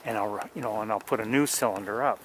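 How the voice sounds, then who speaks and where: A man's voice: fairly low pitch, fast talker, noisy background. A man narrating casually while walking wet outdoor trails in light rain, rambling with many fillers and restarts as he guides a birding tour.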